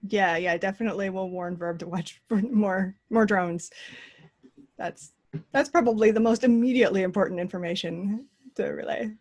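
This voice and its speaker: A woman's voice: medium pitch, normal speed, a little mellow. A woman playing in a tabletop game, talking casually and eagerly. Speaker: player.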